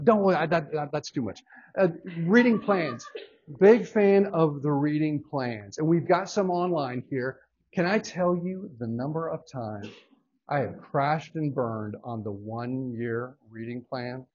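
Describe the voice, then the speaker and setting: A man's voice: on the high side, a little mellow, muffled recording. A man teaching a church Bible class, talking casually and animatedly and putting questions to the class.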